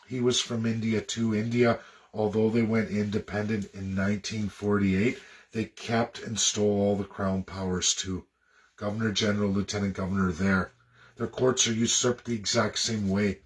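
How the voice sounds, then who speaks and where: A Canadian political commentator launches into an impassioned rant, throwing out rhetorical questions and jumping into high, mocking tones. Even so, his tone stays steady and his pace moderate.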